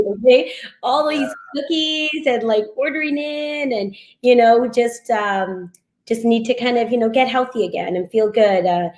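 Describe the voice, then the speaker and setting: A woman's voice: a little high, reverberant. A woman talking candidly in a casual group chat, with plenty of fillers. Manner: chatty, candid, lots of fillers.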